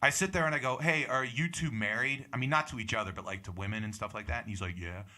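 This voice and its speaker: A man's voice: lowish voice, lively intonation, rapid-fire, sharp tone. A young man hosting a show, telling a bar anecdote and acting out the other people's lines. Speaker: comedian and show host. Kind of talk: casual storytelling chat.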